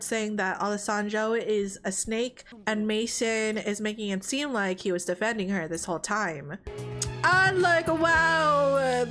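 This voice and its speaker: A young woman giving dramatic, animated commentary while playing a life sim game. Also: on the high side. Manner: dramatic, animated, exclaims often. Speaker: streamer. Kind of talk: let's play commentary.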